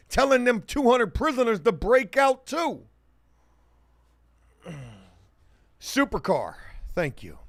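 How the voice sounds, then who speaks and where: A man hosting a casual livestream, reading viewer comments and joking around, swinging between loud hype and muttered asides. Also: high voice, no echo, clean studio sound. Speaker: livestream host.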